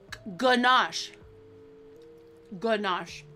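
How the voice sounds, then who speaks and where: A woman with a bright, fairly high voice chats casually on a cooking stream. She teases her viewers playfully and drags words out slowly to make fun of fussy pronunciations. Soft music plays faintly underneath. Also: expressive.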